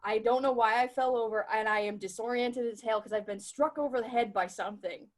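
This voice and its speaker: Rhode Island-accented woman, slightly high voice, wry and lively podcast storyteller. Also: brisk. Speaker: podcast co-host. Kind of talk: casual chat.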